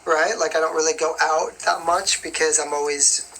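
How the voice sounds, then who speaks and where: Young woman singer, bright voice, chatty phone live-stream Q&A, rambling, faint background noise. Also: deep voice, little pitch movement, normal speed, gravelly, rough recording. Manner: chatty and rambling, full of "like" and "you know". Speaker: singer answering fan questions.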